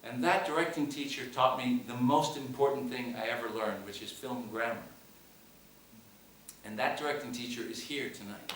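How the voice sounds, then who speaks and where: Here a director and teacher, speaking in a mid-range, fairly bright voice at a moderate pace, tells a story to a screening hall audience during the Q&A, stumbling and restarting as he goes. There's slight background noise, and the distant mic catches the hall's echo.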